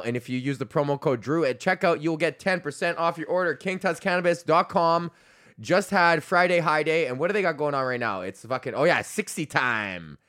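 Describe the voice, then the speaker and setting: A man's voice: a little high, a bit bright. Profane rambling comedian man. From Canada. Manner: rambling, profane, laughs often, mock voices. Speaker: comedian podcast host. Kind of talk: solo comedic rant.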